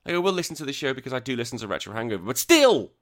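A man's voice: medium pitch, very fast. A man hosting a podcast, chatting casually and ranting with lots of swearing. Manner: animated, swears a lot, exasperated rants. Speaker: podcast host.

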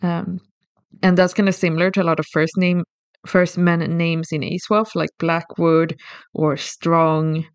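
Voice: mid-range voice, level tone, unhurried, smooth, no echo. A co-host talks through a subject on a podcast, thoughtful and methodical, often restarting a phrase. The voice sits in a middle register. The recording is dry with no room sound. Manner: thoughtful, explains step by step with restarts. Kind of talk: casual explanatory podcast chat.

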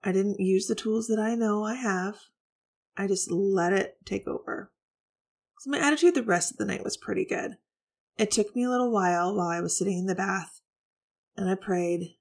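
Candid woman with a gravelly voice. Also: medium pitch, fairly even intonation, normal speed. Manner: candid, reflective, confessional. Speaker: podcast host. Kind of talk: personal storytelling to listeners.

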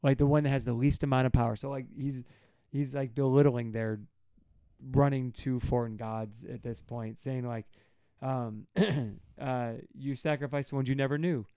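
Smooth, dry-sounding man, casual podcast co-host, rambles with lots of fillers. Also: steady tone, moderate pace, warm tone, no room sound. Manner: rambling, many fillers, acts out quotes in a high whiny voice. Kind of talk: casual Bible study chat.

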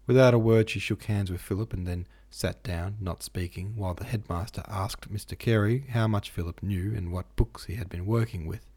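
Husky, dark-voiced male narrator. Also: lowish voice, normal speed, few pauses. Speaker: audiobook narrator, podcast host. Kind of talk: literary audiobook reading.

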